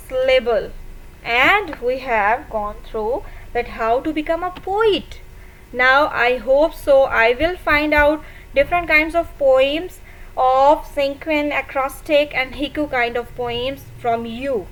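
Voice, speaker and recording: A woman's voice: high-pitched, poor audio. A woman teacher with a Pakistani English accent, patiently counting out syllables in a recorded lesson for young pupils. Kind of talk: recorded online class lesson.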